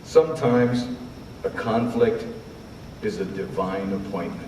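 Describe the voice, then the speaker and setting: A male preacher delivering a sermon, moving between hushed asides and loud, rising passages. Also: on the low side, measured pace, background noise. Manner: swings from hushed to loud shouting when retelling scripture. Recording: roomy hall from a distance, faint ambience.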